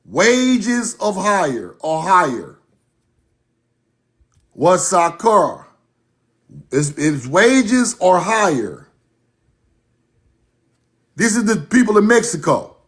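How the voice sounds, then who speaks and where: Slow, emphatic man lecturing over slides. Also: high-pitched, very animated, breathy edge. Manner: emphatic, repeats points, directs slides.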